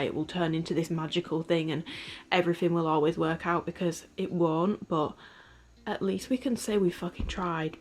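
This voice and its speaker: A young woman in a candid vlog monologue, rambling with lots of "like" and frequent swearing. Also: lowish voice. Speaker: vlogger.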